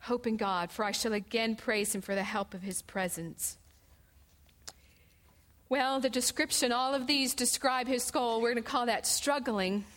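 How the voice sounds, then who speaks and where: A middle-aged woman teaching a women's Bible study, expressive, slowing down to read scripture. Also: a little high. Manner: expressive, slows down on scripture quotes.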